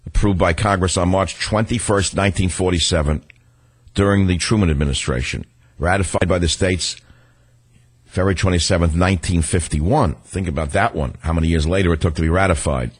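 A man hosting talk radio in a combative, sarcastic rant. His voice sits fairly low and sounds husky. The sound is dry and close, with little room around it. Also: brisk, dry recording. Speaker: radio talk show host. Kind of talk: political talk radio monologue.

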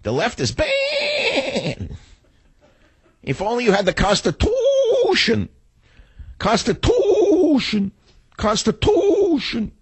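Squealing, hysterical talk show host. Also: male voice, huge pitch swings, slow, long pauses, breathy edge, dry recording, full character voice. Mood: shrill mocking. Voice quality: high shrill squeal.

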